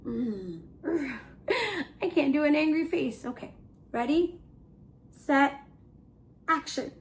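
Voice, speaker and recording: A woman teaching a language lesson for toddlers, talking slowly and playfully while acting out feelings. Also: high voice. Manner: slow, playful, exaggerated emotions for kids.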